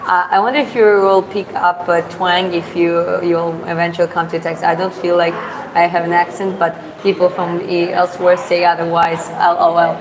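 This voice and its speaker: A woman's voice: on the low side, flat delivery, normal speed, background noise. A woman from Georgia with a Georgian accent, a non-native English speaker chatting casually with viewers in a rambling, filler-heavy way. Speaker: vlogger streaming live. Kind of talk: casual chat answering viewer questions. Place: walking outdoors on city streets.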